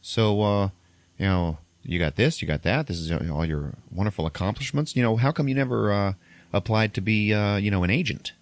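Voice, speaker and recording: A man's voice: lowish voice, fairly quick, close to an everyday voice. A man voicing a brash male government boss who speaks bluntly and pushily to a staffer. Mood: pushy.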